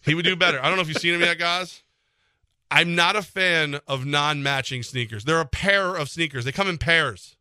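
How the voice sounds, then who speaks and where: A man on sports radio, talking loosely and laughing while he complains. His voice is bright and punchy, and the studio sound is dry and close. He jumps between pitches as he rants. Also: normal speed, clean tone, no room sound. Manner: animated, exasperated ranting with laughs. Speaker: co-host of a sports radio show. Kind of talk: casual sports talk.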